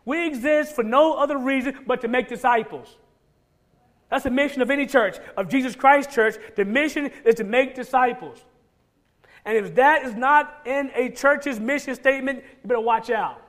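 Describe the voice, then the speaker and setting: A man's voice: very high voice, normal speed, fairly bright tone. A male pastor preaching a sermon, emphatic and repetitive, firing off rhetorical questions.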